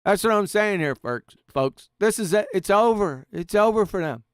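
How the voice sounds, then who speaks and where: A man's voice: high-pitched, animated, normal speed, clean tone, dry recording, clean studio sound. A man hosting a live stream, mocking and sarcastic, reading quotes and laughing often. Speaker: host.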